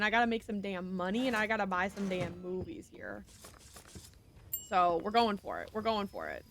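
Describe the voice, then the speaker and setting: Streaming a video game, a woman chats in a rambling, casual way and keeps apologizing, with faint music behind her. Her medium-pitched voice is sing-song, a bit bright, and slightly quick.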